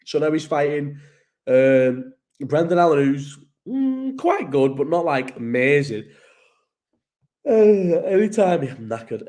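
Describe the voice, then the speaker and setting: Male host, mid-pitched, rambling sweary chat. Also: darkish tone. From Bolton, England. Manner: rambling, sweary, thinks aloud. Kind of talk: casual solo fight commentary.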